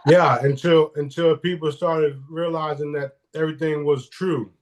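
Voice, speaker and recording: A man's voice: a little high, little pitch movement, normal speed. A man speaking as a guest in a casual live-stream interview, blunt and profane, often restarting his sentences.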